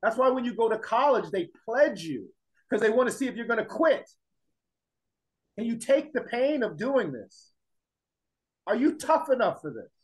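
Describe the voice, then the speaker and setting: A man's voice: very high-pitched, very animated, normal speed, long pauses, rough recording. A man teaching a class in a classroom lecture, emphatic, repeating his points and firing rhetorical questions at the students.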